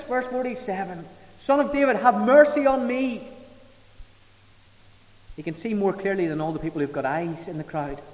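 Emphatic preacher in a reverberant hall. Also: male voice, fairly high pitch. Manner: emphatic, rising to loud dramatic peaks, then dropping soft. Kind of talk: sermon.

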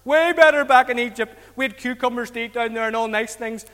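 A whining, complaining crowd of desert wanderers, put on by a man, moaning in a strained voice pushed well above his usual high pitch. The sound rings out with a long hall reverb. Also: monotone, drawn-out words, full character voice.

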